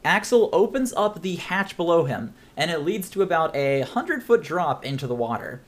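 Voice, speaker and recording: A man's voice: fairly high pitch, sing-song, normal speed. A man narrating as game master of a tabletop game, chatty and rambling with frequent laughs.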